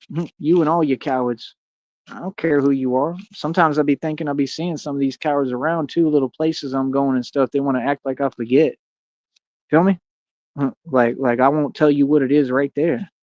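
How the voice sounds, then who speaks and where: A man's voice: fairly high pitch, darkish tone, dry recording, muffled recording. A man delivering a confrontational, boastful rant as a streamer, heavy on slang and taunts. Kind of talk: ranting monologue to camera.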